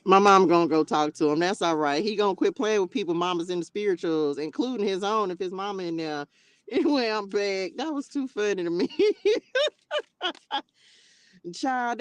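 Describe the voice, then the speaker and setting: Woman livestream host at mid pitch, chatty and expressive, on a dry tablet mic. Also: moderate pace, clean tone, no echo. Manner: chatty and expressive, calls viewers baby and child, bursts of laughter. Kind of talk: casual livestream chat with viewers.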